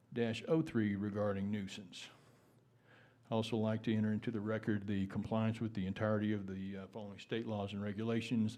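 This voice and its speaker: A man's voice: on the low side, dark tone. A man with a Texan accent giving public testimony at a town meeting, often restarting words and using formal legal phrasing. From Texas. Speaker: public commenter.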